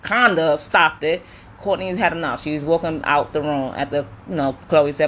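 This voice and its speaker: Chatty, opinionated woman with a lowish voice. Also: moderate pace, slight background noise. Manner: chatty, opinionated, animated retelling with quoted voices; many fillers like um and you know. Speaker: commentator recapping a reality show. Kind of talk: casual chat.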